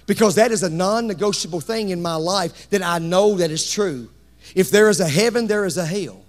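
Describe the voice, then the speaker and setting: A man, preaching as a pastor, swinging from hushed tones to shouting. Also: high voice, animated, normal speed. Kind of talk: sermon. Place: church sanctuary. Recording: reverberant church hall.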